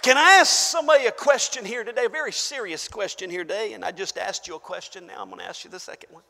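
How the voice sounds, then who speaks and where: Preaching at a quick pace, this pastor has a very high, bright, gravelly voice, and a little hiss or hum sits under the recording. The church's long hall reverb carries his sermon as he swings from fervent shouts to hushed asides, calling out to his congregation.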